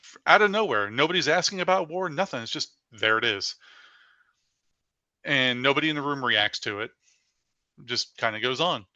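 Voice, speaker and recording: A man with a forceful, bright edge to his voice tells stories as a podcast guest. He talks in an animated way and leans on "like" as he goes. The sound is dry and close, with no room around it. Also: medium pitch, normal speed, long pauses, dry recording, muffled recording. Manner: animated storyteller with frequent "like" fillers. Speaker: paranormal investigator guest. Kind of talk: casual storytelling in a podcast interview.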